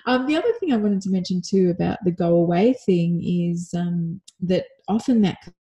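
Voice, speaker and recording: A middle-aged woman with a lowish, slightly husky voice speaks in a relaxed podcast conversation. Her tone is mellow, and she works through stories reflectively, pausing on fillers as she goes. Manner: reflective storyteller, many fillers. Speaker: parenting educator.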